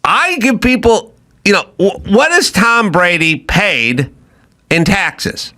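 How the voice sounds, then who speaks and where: Lively, bright-voiced sardonic man. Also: sits high, slow pace. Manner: sardonic ranting, mock quotes. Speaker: host. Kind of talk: casual podcast chat.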